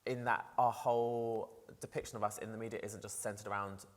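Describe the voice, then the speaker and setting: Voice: mid-range voice, level tone, brisk. A trans presenter speaking on a festival panel, talking casually and passionately with many "like"s and restarts. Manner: casual, run-on speech full of "like" and restarts; passionate and emotional. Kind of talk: panel discussion. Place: festival panel on a stage in a large hall. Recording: long hall reverb.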